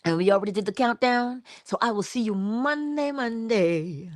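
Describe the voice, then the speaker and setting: A woman hosting an inspirational morning livestream, musing and affectionate, drifting between hushed asides and bursts of laughter. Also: a little high, normal speed, no room sound. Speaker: livestream host. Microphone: livestream mic.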